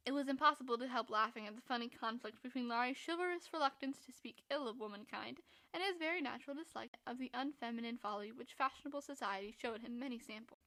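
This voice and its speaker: High-voiced woman reading a classic novel. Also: dry recording. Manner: steady, measured storytelling. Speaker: podcast reader. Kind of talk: audiobook narration of a classic novel.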